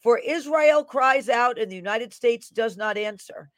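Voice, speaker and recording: A woman preacher proclaims a prophetic word in a ringing, declamatory voice, rising hard on each divine declaration and sinking low for her plain asides. She reads scripture with a measured, emphatic cadence. The sound is dry and close, with no room echo. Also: lively intonation. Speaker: prophetic minister. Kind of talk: delivering and explaining a prophetic word.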